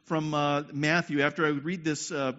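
A man's voice: a little high, level tone, normal speed, a bit bright. A man preaching a sermon, leading the congregation through a group exercise and checking in with them often. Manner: leads the crowd with repeated "okay?" checks. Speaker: pastor. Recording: dull lo-fi sound.

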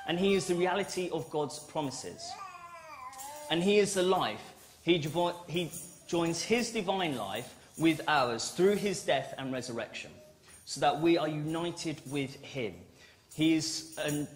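A man's voice: on the high side, slight background noise. A man preaching a family-service sermon in a church, playful and given to acting out little dialogues.

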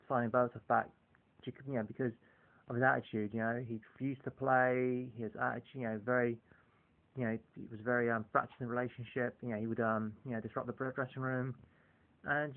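Guy rambling on about football, lots of "you know", raspy fry in his voice, sounds like it's over a phone. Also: medium pitch. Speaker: football fan vlogger. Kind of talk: casual monologue. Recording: tinny phone-like lo-fi audio.

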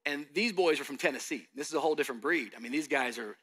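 A man's voice: on the high side, fast, bright, forceful tone. A young adult man from Miami preaching a sermon, telling a story with animation and acting out the dialogue. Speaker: pastor.

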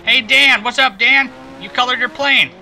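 A man's voice: very high-pitched, normal speed, gravelly, bright, forceful tone, soft background music, poor audio. A man hosting a live game stream, chatting playfully and greeting viewers by name as he plays.

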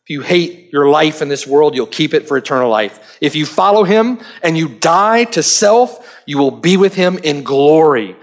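A man preaching a sermon as pastor, swinging from raised, urgent appeals to low, quiet questions. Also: expressive, moderate pace, few pauses.

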